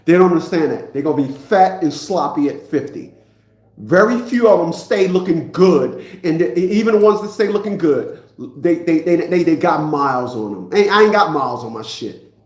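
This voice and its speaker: A man's voice: on the high side, expressive, normal speed, reverberant. A man in his fifties ranting in a preachy, profane monologue, often repeating himself. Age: 50s. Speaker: vlogger.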